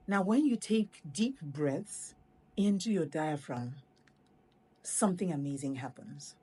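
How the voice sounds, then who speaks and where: Slow, mellow-voiced woman coaching. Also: on the low side, expressive. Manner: slow, deliberate coaching delivery. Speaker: public speaking coach. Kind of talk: instructional video talk.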